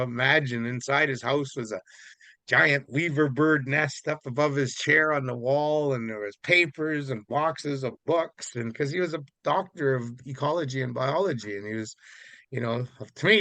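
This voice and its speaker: A man's voice: mid-range voice, dry recording. A man from Vancouver Island, Canada, telling a story in a casual, rambling way as an interview guest. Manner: rambling, relaxed, many fillers.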